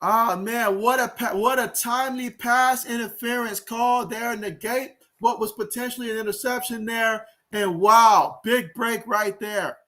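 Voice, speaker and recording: A man hosting a sports livestream, calling a football game play by play, talking to viewers and reading out their chat comments in an excitable way. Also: very high-pitched, moderate pace, few pauses.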